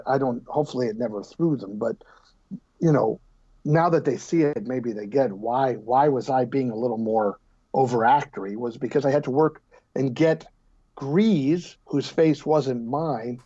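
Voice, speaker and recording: A man in his fifties, an actor guest on a casual podcast interview, telling stories in an animated, joking way and often restarting his sentences. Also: mid-range voice, breathy edge, muffled recording.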